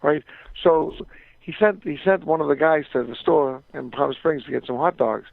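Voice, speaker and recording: An older man, a former boxer, calls in as a guest over a dry, tinny phone line to tell a long, rambling story. He repeats words and acts out the voices of people he quotes, his voice fairly high-pitched and creaky at a moderate pace.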